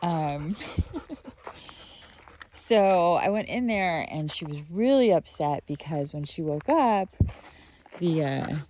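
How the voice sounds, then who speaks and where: A woman's voice: on the low side, animated, slow, pauses often, a little mellow, a little hiss or hum. A woman chatting casually in a video diary about her dog, rambling and playful, sometimes switching to baby-talk as she plays outdoors on a rural property. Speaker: vlogger, dog owner.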